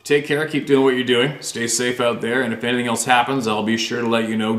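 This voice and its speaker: A man's voice: mid-range voice, level tone, a little fast, few pauses, fairly bright tone, roomy sound. A man hosting a show, reading a listener's letter aloud and then rambling casually about it with many fillers. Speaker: host reading listener stories.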